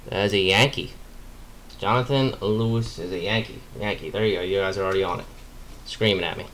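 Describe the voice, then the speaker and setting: A man with a fairly low voice talks his way through a card break, chatty and easily excited, muttering small asides as he opens each pack. A faint hum of room noise sits behind him. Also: brisk. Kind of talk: live card-break commentary.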